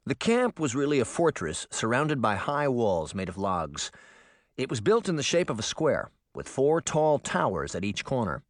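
A man reads a storybook aloud in a lively, expressive way, his pitch rising and falling a lot. He sits close to the mic, and the sound is dry and intimate. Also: dry recording. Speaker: audiobook narrator. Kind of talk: scripted storybook narration.

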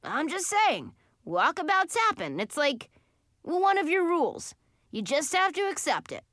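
Easygoing adult uncle, matter-of-fact and lively, voiced by a woman narrator. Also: high-pitched, unhurried, dry recording, clean studio sound, voice pushed up, full character voice. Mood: offhand. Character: laid-back easygoing uncle, adult man.

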